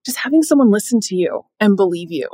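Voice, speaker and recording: A woman's voice: mid-range voice, expressive, fast, mellow, husky, dry recording. A woman guesting on a podcast, talking earnestly in casual chat with lots of fillers.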